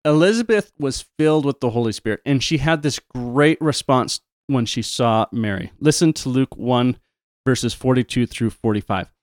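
A man retelling a Bible story, reading passages in a measured way with playful asides. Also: medium pitch, dry recording, clean studio sound.

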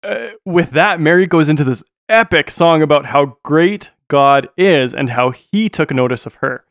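A man's voice: on the high side, lively intonation, moderate pace, no echo, clean studio sound. Chatty man retelling a Bible story. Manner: chatty, joking, loose. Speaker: co-host.

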